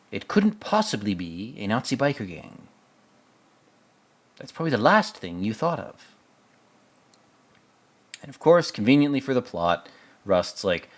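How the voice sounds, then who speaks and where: Sarcastic, profane male show commentator. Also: medium pitch. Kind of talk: casual episode commentary.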